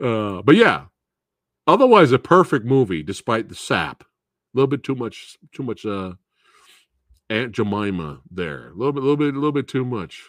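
A man hosting a casual movie review show, talking in an animated, profane and repetitive way and laughing often. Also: medium pitch, normal speed, dry recording, clean studio sound.

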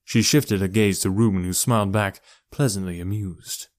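A man reads a novel aloud in a steady, even storytelling voice that sits on the low side. The recording is close and dry, with no room sound. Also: moderate pace, hardly any pauses, no room sound. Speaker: audiobook narrator. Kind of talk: scripted narration.

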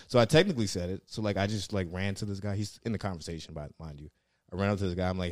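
A man's voice: low-pitched, fast talker, no room sound, clean studio sound. A man telling rambling, profanity-laced stories in casual chat, full of fillers. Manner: laid-back, swears a lot, lots of fillers. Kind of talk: casual storytelling.

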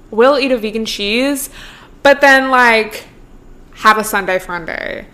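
A young woman in her twenties hosts a solo podcast, chatting casually with plenty of "like," free swearing, and frequent laughter. Her voice is a little high and sharp, and she talks slowly.

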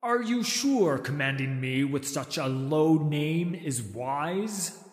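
A man's voice: mid-range voice, expressive, slow pace, echoey room, in a large hall. A man voicing an ancient proud male star dragon who speaks in a purring, mocking way. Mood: purring scorn.

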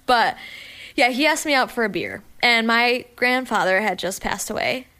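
A young woman in casual podcast chat, telling an animated story with lots of fillers. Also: fairly high pitch, moderate pace. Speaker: podcast guest.

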